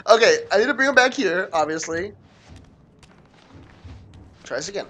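A man playing a horror game on video, talking to the viewers and the game, often yelling, panicking and swearing. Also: sits high, animated, normal speed, faint music behind. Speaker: gaming video creator. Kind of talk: let's play commentary.

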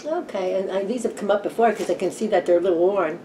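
A woman's voice: medium pitch, quick pace, warm tone, slight background noise. Chatty, giggly woman vlogging about tarot. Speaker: tarot channel host. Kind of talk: casual vlog chat. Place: home room with a fan running.

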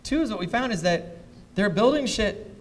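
A man with a slightly high voice holds forth at a live fireside chat. His talk is candid, profane and full of punchy anecdotes. A faint background hiss sits under the recording. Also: normal speed, in a large hall. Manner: blunt and profane, lively anecdotes. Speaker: venture investor, fireside chat guest. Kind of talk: candid onstage storytelling. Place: live event before an audience.

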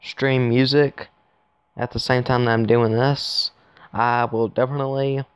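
A man's voice: medium pitch, flat delivery, measured pace, smooth, no echo. A man giving rambling, casual commentary to his viewers while playing a phone game, recorded on his phone. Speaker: gaming YouTuber.

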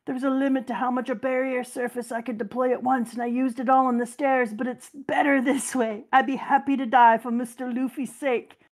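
A woman reading a comic aloud and voicing a loud, devoted, overexcited young man fighter with shrill, gushing outbursts. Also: level tone, brisk, few pauses, close to an everyday voice. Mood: fervent.

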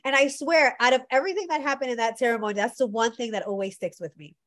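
A woman with a high voice talks fast with hardly any pauses in a casual chat. A retreat leader and spiritual guide, she's an animated storyteller who acts out the people and quotes in her stories.

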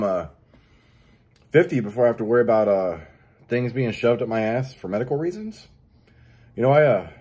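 A middle-aged man with a low, husky voice rambles through a solo show. He jokes crudely and swears freely, in a loose, casual monologue. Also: warm tone. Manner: crude, profane, joking. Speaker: podcast host.

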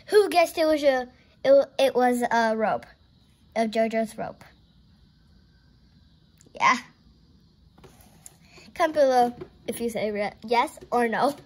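A woman's voice: fairly high pitch, slow pace, pauses often. A woman reading a children's picture book aloud, playful and exclaiming, turning to chat with her viewers between pages. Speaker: storyteller.

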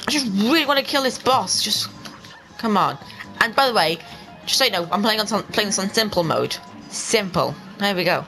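A young man giving excitable let's-play commentary, talking to the game and to his viewers and bursting into yells. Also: sits high, normal speed, soft background music, rough recording. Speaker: gaming channel host.

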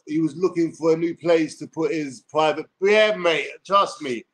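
A man with a London accent, in his forties, rants on a livestream in a combative, profane way, full of street slang. His voice sits slightly high for a man. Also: measured pace, fairly bright tone. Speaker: YouTuber. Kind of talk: livestream rant.

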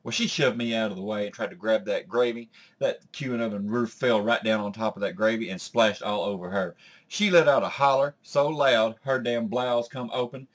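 A man's voice: lowish voice, steady tone, normal speed, close to an everyday voice. A man playing a crass, gossiping woman in a comedy sketch, telling crude stories. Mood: storytelling. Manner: crude, drawling storyteller.

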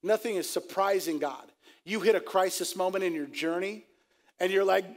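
A middle-aged man, a pastor, preaching a sermon and telling stories in an animated, jokey way, laughing at his own tales. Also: high voice, moderate pace. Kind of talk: sermon with storytelling.

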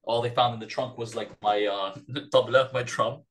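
A man's voice: medium pitch, fairly even intonation, normal speed, fairly bright tone, rough recording. A man from Palestine, a podcast guest, retelling a story in a casual, rambling, profane way.

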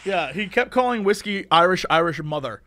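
A man co-hosting a podcast, telling a story in casual chat with animated swings between loud bursts and mumbled asides. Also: high-pitched, a little fast, background noise. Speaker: podcast co-host.

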